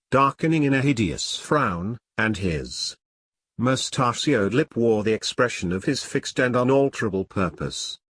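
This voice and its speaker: A man's voice: medium pitch, fairly bright tone, dry recording, studio quality. Man reading an old novel aloud. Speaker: narrator.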